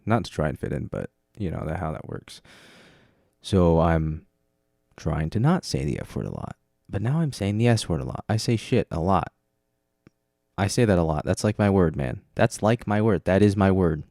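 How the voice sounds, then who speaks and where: Male solo podcast host, deep voice, dry close sound, tired and rambling, pokes fun at himself. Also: animated, normal speed, gravelly, dark tone, no echo. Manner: rambling and self-mocking. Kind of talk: casual solo monologue.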